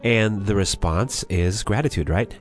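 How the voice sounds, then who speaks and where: A man's voice: lowish voice, measured pace, soft background music. A man hosting a language lesson, asking his co-host questions in a friendly way and laughing often. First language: English.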